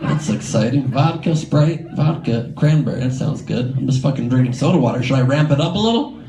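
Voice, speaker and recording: A man's voice: mid-range voice, animated, a little fast, warm tone, echoey room, poor audio. A man doing improvised crowd work on a comedy club stage, teasing the audience in a brash, profane way. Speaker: stand-up comedian. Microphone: handheld stage mic. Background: laughing crowd.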